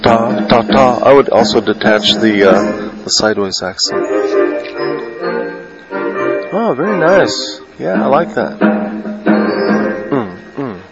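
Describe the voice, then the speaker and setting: An older man, a retired band director, gives brisk spoken comments to a band during its performance, singing and tonguing phrases to show what he wants. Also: medium pitch, very animated, over loud music. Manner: sings and tongues musical phrases to demonstrate; brisk coaching instructions. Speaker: band adjudicator. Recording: dull recording over loud band playing. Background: concert band playing loudly.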